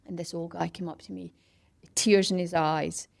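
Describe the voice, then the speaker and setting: A middle-aged woman being interviewed, telling a story in a lively, casual way, acting out what other people said and dropping into whispers. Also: fairly low pitch, moderate pace, vocal fry, no room sound. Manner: animated, acts out quoted voices and whispers for effect. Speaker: interview guest, parkrun organiser.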